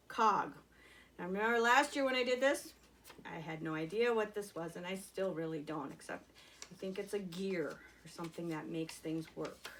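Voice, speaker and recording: A woman's voice: medium pitch, a bit bright, a little hiss or hum. A woman teaching a virtual preschool lesson, talking to young children in an encouraging, sing-song way and singing along.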